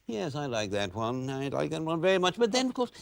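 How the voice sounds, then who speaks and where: A man playing a fast-talking, pushy salesman who sells voices, in a children's puppet show, with loud-to-hushed patter. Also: fairly high pitch, big pitch swings, creaky, dry recording. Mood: boastful.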